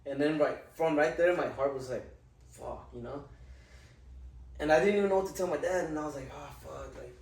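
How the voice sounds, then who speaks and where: A man's voice: a little high, roomy sound, far from the mic, rough recording. A man hosting a podcast, talking casually with lots of fillers and swearing. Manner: casual, profane, halting with many fillers. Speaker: podcast host. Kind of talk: casual conversation.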